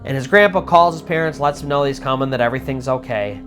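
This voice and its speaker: A man telling a spooky tale in a loose, conversational voice, with dramatic swings and plenty of fillers. His speaking voice sits in a middle pitch. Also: fast, fairly bright tone, faint music behind. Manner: chatty, dramatic, lots of "like" fillers. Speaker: storyteller. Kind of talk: casual spoken storytelling.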